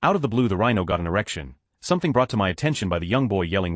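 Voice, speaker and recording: A man reading short online stories aloud as scripted narration, with a flat delivery that lifts at each story heading. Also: on the low side, racing, dry recording, studio quality.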